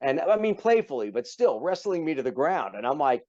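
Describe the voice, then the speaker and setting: Animated middle-aged man telling a story. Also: fairly high pitch, brisk, no echo, lo-fi sound. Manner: animated, acts out voices in his anecdote. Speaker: podcast guest, actor. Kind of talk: storytelling in a casual interview.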